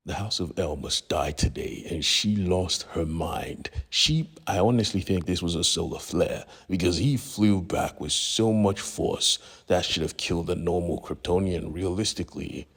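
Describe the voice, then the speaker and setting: A man's voice: deep voice, moderate pace, few pauses, a bit bright, slightly rough. A man casually retelling a comic book story, slangy and profane. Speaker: comic book recap narrator.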